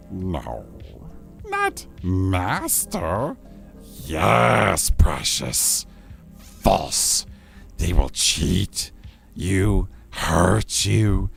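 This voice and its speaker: Gravelly, hissing creature that bickers with itself; very slow and jumpy in pitch, faint music behind. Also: male voice, exaggerated voice. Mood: hissing, scheming. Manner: swings between whiny pleading and snarling. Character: wretched male creature arguing with himself. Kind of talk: impression for a game stream.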